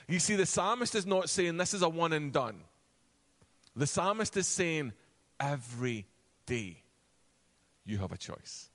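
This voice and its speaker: A man preaching a sermon, animated, acting out quoted voices, and dropping to a soft, low voice for emphasis. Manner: acts out quoted voices and asides.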